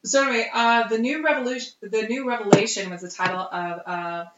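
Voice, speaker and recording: A woman's voice: a little high, fairly quick. A woman co-hosting a podcast, telling history in casual chat with plenty of ums and uhs. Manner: lively, tells history with frequent ums and uhs. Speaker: podcast co-host. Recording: roomy, dull lo-fi sound.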